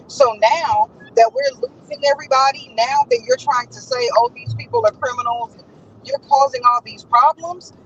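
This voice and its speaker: A woman with a high, Los flavored voice delivers passionate commentary as a host. She speaks emphatically and with indignation, repeating points for force. The audio is dull and lo-fi. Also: slight background noise. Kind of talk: casual commentary.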